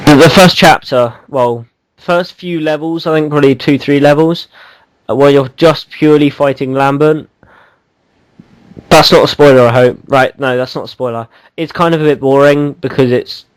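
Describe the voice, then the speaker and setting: A man's voice: on the high side, dry recording, low-quality recording. A man co-hosting a casual gaming podcast, rambling and teasing, with lots of ums and restarts. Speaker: podcast co-host.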